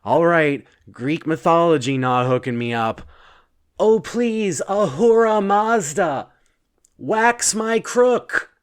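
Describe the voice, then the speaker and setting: A man voicing a weary woman tenant who keeps a grim secret, speaking flatly and gloomily in a lowered voice. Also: slow, clean tone. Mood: defiant. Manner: flat, gloomy, resigned.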